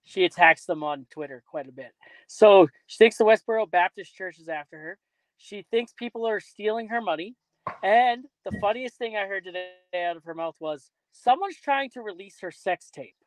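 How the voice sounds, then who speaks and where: A man hosting a casual podcast in a high, dry-sounding voice. He talks bluntly and swears freely, laughing his way through his stories. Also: moderate pace, no echo, rough recording. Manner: blunt, profane storytelling with laughs. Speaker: podcast host.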